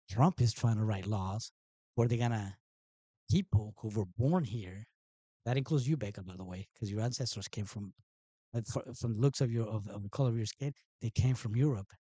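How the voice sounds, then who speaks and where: A man's voice: mid-range voice, moderate pace, long pauses, dark tone, husky, dry recording. A man hosting a live stream, talking in a mocking, sarcastic and rambling way to his viewers. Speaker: livestream host. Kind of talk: casual live-stream commentary.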